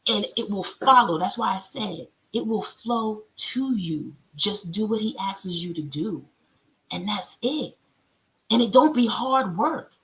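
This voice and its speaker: A woman's voice: medium pitch, lively intonation, a little slow, a bit bright, poor audio. A woman, a spiritual healer, talking casually on a live stream as she reads oracle cards and gives chatty, preachy encouragement.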